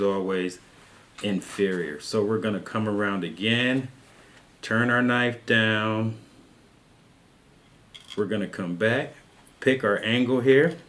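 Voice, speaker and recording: A man calmly teaching soap carving, talking patiently through each cut as he works. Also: lowish voice. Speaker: carving instructor. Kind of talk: step-by-step craft tutorial.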